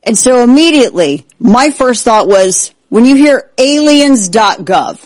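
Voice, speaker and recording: A man hosting a talk show, excitable and sarcastic, who keeps breaking into exaggerated impressions. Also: extremely high pitch, measured pace, no room sound, poor audio. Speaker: host. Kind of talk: animated political talk show banter.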